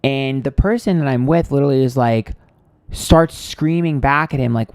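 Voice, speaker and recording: A man hosting a tarot livestream who tells a story in a casual, rambling, profane way. He is exasperated and dramatic, swinging between quiet asides and loud outbursts. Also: mid-range voice, expressive, fairly quick, no room sound, studio quality.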